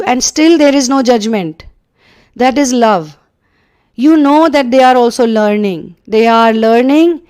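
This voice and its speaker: A woman's voice: high-pitched, darkish tone, smooth. A woman giving a channeled spiritual reading, earnest and fond of repeating short phrases. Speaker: tarot and energy reader.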